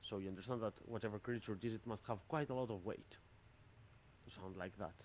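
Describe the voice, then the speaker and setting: A man running a tabletop game as game master, narrating scenes in a measured way. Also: fairly low pitch, slight background noise. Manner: measured, descriptive narration with fillers.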